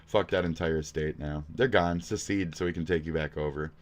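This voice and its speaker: A man's voice: a bass voice, steady tone, moderate pace. A man, a streamer reacting to a video, ranting crudely and angrily with constant swearing. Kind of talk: profane rant.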